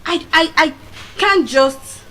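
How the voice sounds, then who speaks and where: A middle-aged woman with a Nigerian accent, giving a motivational speech as animated storytelling and repeating key phrases for emphasis. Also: extremely high pitch, slow pace, low-quality recording. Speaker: motivational speaker. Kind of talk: public speech.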